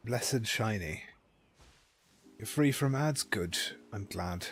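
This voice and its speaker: A man's voice: mid-range voice, takes it slowly, pauses often, soft background music. A man chatting casually with viewers during a live game stream, rambling and correcting himself as he goes.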